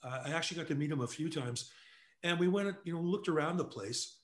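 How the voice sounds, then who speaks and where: An older man from Canada, a guest telling anecdotes casually, animated and quick to laugh. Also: a little high. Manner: animated storyteller who acts out quotes, laughs often. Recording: echoey room.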